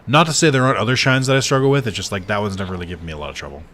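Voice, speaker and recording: A man with a low voice streams a video game and talks through it in a loose, chatty way. He swears freely and answers his viewers as he plays. Faint noise hums under his voice. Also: racing, a bit bright. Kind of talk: casual gameplay commentary.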